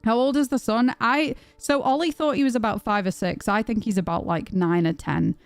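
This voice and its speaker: A woman's voice: a little high, moderate pace, smooth, no echo, faint music behind. A young woman streaming from home, chatting casually with viewers, swearing and reading their messages aloud. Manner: animated, swearing, reads chat aloud. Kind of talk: casual livestream chat.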